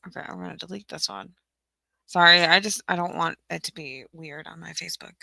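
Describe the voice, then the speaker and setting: A woman's voice: fairly low pitch, steady tone, brisk, vocal fry, bright, forceful tone, no echo. A woman hosting a casual livestream, flustered and apologetic, talking to herself and laughing often. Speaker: livestream host for teaching-resource sellers.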